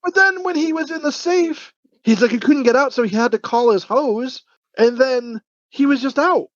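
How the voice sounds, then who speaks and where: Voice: high-pitched, moderate pace, no room sound. A podcast co-host in casual chat, chatty, often laughing, with lots of filler words. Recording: dry, dull lo-fi mic.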